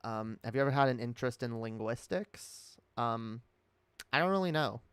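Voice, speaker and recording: A man's voice: mid-range voice, animated, moderate pace, fairly bright tone, clear, resonant tone, dry recording. A man speaking with a put-on British accent in a casual live-stream chat, rambling candidly, reading chat and swearing often. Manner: reads and answers chat.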